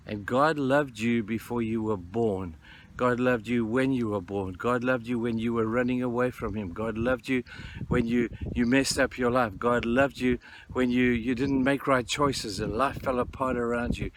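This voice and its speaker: A man's voice: mid-range voice, fairly even intonation, moderate pace, slight background noise. A man preaching a sermon, earnest and repetitive, pleading with his listeners. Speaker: pastor.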